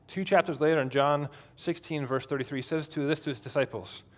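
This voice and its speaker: A man's voice: a little high, normal speed, hardly any pauses. A man preaching a sermon in a conversational way, asking the congregation questions. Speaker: pastor.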